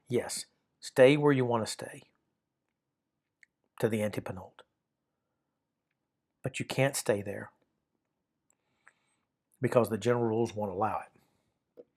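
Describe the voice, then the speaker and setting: A middle-aged man teaching a grammar lesson in a patient, repetitive way, often restarting his sentences and filling pauses with "uh". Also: medium pitch, a little mellow. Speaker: Greek teacher. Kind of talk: recorded lesson explaining grammar.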